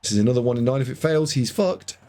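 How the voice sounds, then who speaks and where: A man casting a video game match, excitable, jumping from loud shouts to muttered asides. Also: medium pitch, fast. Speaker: game caster.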